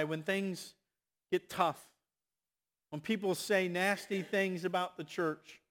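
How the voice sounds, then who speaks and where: Slow, impassioned male preacher. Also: high-pitched. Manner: impassioned, swinging between loud exhortation and hushed asides. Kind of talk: sermon.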